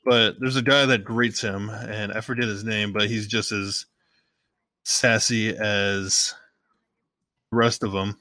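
A man with a bright, forward voice chats casually through a movie recap on his podcast. He rambles, restarts his sentences, and now and then jumps into other characters' lines. The recording is close and dry, with no room sound. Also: lowish voice, little pitch movement, takes it slowly, dry recording. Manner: rambling, chatty, self-correcting, playfully acts out lines. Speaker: podcast host.

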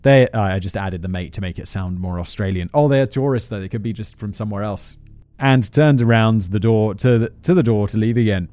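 A man's voice: lowish voice, a little fast, a little mellow, no room sound, soft background music. A man hosting a podcast, reading a story aloud with sardonic, self-mocking asides and casual swearing, close to the microphone. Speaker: podcast host.

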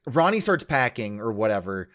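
A man's voice: medium pitch, sing-song, moderate pace, a bit bright. A man co-hosting a podcast, recapping a reality show in rambling casual chat full of fillers and laughs. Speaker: podcast co-host.

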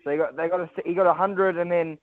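Guy on a tinny dry phone line, slightly high voice, lots of ums. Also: fairly even intonation, fast talker. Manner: hesitant, many ums, earnest. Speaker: caller. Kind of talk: casual phone-in chat.

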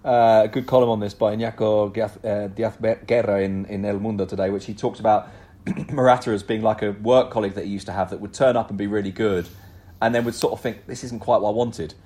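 A man's voice: fairly low pitch, fairly even intonation, brisk, dark tone. A man co-hosting a football podcast, musing about players in a rambling way full of asides. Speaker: football journalist, podcast co-host. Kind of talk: casual football podcast chat.

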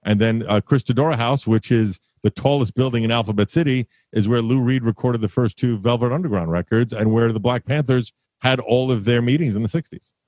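A man's voice: mid-range voice, brisk, darkish tone, dry recording. A man as a podcast guest, telling stories in a laid-back, rambling way with fillers. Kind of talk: casual chat, storytelling.

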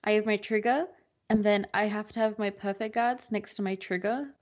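A woman's voice: mid-range voice, steady tone, moderate pace. Woman guest on a podcast, chatty and rambly, tons of "like", sound a bit muffled. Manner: chatty, lots of "like" fillers. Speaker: guest, card game player. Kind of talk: casual podcast chat. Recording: dull, muffled audio.

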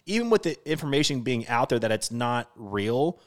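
A man's voice: mid-range voice, big pitch swings, normal speed. A man in his thirties co-hosting a podcast, chatting casually and ranting with frequent swearing. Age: 30s. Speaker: podcast co-host. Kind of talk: casual chat.

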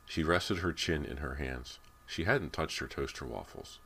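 A man narrating an audiobook in a measured, deliberate reading voice. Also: rumbling low, gravelly, a bit bright, slightly rough.

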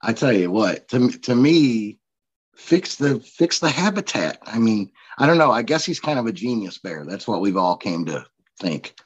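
Forties male podcast guest from Missouri, easygoing storyteller, lower register, muffled lo-fi recording. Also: big pitch swings, normal speed, slightly rough. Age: 40s. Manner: chatty storyteller, laughs often. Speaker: guest, coach and speaker. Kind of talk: casual podcast interview.

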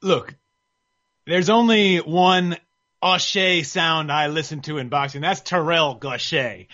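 A man with a high, bright voice chats loosely about boxing, tripping over his own words as he gets excited. The sound is a little dull and lo-fi. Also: slow. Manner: rambling, excitable, many restarts. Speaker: boxing podcast co-host. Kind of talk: casual sports chat. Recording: slightly muffled lo-fi mic.

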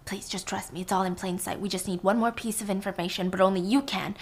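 A woman's voice: mid-range voice, steady tone, fast talker, natural voice. A woman whispering the lines of an urgent, secretive male detective, as whispered role-play. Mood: urgent hushed.

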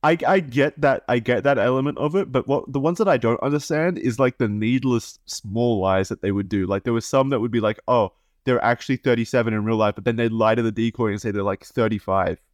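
A man co-hosting a podcast in casual chat, wry and blunt, sometimes reading messages aloud in a higher voice. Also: fairly quick, few pauses, no echo, studio quality. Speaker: podcast co-host.

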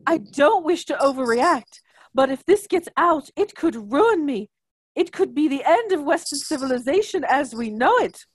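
A woman's voice: high voice, lively intonation, moderate pace, no room sound, voice pushed up. A woman voicing a fussy, snooty rich lady in a comic story reading, speaking in a prim, melodramatic way. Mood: fretful.

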